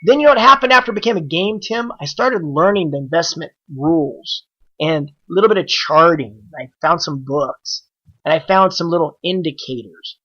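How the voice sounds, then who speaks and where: A man, a podcast guest and trader, telling the story of how he started out in a casual, animated way and acting out the dialogue he quotes. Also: fairly high pitch, normal speed, highs cut off.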